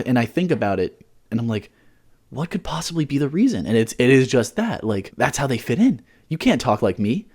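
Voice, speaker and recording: A man's voice: medium pitch, darkish tone. A young man co-hosting a podcast, chatting casually in a rambling way, often repeating words and swearing freely. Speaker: podcast co-host.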